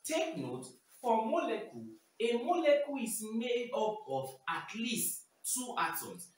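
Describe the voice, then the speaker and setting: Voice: medium pitch, big pitch swings, unhurried. A chemistry teacher giving a simplified video lesson, repeating key terms and often checking in with "okay?". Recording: very echoey room, voice far from mic, faint noise.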